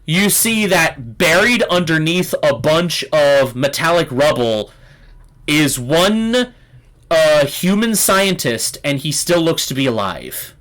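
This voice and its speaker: A man's voice: a little high, big pitch swings, takes it slowly, a bit bright, poor audio. A man running a tabletop game as game master, narrating in a loose way with many fillers.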